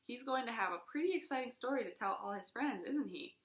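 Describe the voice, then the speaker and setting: A woman voicing a calm, kind male nature guide who talks in a soothing, reassuring way. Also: a little high, brisk, reverberant, pitched above the performer's own voice, close to an everyday voice.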